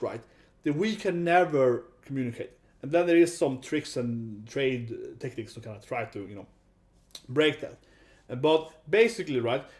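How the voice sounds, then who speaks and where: A man with a fairly high voice talking through a casual commentary vlog. He rambles, restarts and keeps checking in with 'right?'. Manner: rambling, repeats 'right?' often. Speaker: YouTube commentator.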